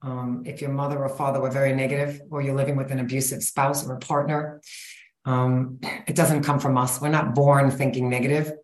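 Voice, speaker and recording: A woman in her forties, a guest coach speaking in a blunt, energetic, folksy way in a casual interview. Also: very deep voice, fairly quick. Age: 40s. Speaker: guest, sugar-cravings coach. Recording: roomy echo.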